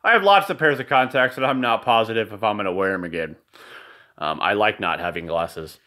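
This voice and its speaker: A man's voice: fairly low pitch, fairly quick, bright, forceful tone. A man talking casually to the camera at home, rambling from thought to thought and often apologizing. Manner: profane and ranting at times. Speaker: father filming a video message. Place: indoors at home, in a room with a nightlight.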